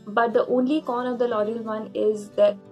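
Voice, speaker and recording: A woman's voice: on the high side, level tone, normal speed, darkish tone, faint music behind. A woman in a makeup review vlog, explaining her results in an earnest way with small restarts. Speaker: beauty vlogger.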